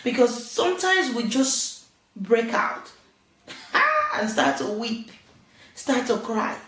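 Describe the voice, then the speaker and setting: A woman's voice: fairly high pitch, huge pitch swings, slow pace, a bit bright. Roomy, distant woman giving parenting advice. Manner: earnest, laughs often, acts out little quoted exchanges. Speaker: parenting vlogger. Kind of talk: casual advice talk. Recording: roomy echo, distant from mic.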